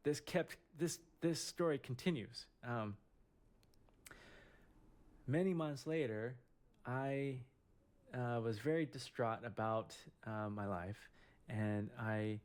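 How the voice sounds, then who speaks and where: A middle-aged man, a surgeon, telling a personal story in a casual, halting way with many fillers and restarts. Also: mid-range voice, a little mellow.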